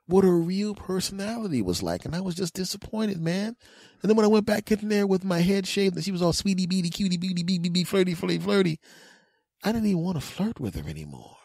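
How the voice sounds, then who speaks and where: A man in his forties telling a comic story on his podcast, animated and jumping into other people's voices. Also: husky, dry recording, studio quality. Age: 40s. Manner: animated, mimics other people's voices with big pitch jumps. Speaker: podcast host. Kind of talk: comedic storytelling monologue.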